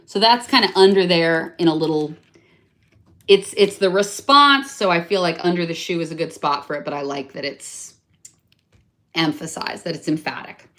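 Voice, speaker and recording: A young woman with a slightly low voice talks through a handmade craft project in a casual vlog. She rambles and trips over her own sentences, stopping to correct herself. She pokes gentle fun at how far she went with it. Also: normal speed. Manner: chatty and rambling, full of self-corrections and hedging fillers; enthusiastic and self-mocking about her detail. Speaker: craft vlogger. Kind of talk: casual show-and-tell.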